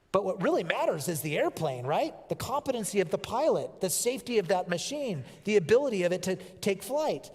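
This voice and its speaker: A male pastor delivers an earnest sermon, his voice sitting high for a man. He slows down and leans on key phrases, repeating them for weight. The sound rings out with the long reverb of a church sanctuary. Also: a little mellow. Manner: earnest, emphatic preaching with slow, stressed phrases and repetition.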